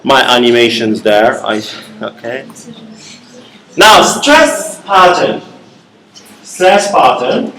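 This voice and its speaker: A man's voice: medium pitch, sing-song, takes it slowly, pauses often, sharp tone, a little hiss or hum. A male university lecturer teaching a class, repeating key words and checking in with "okay?" often. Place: echoey classroom. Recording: echoey room from far off.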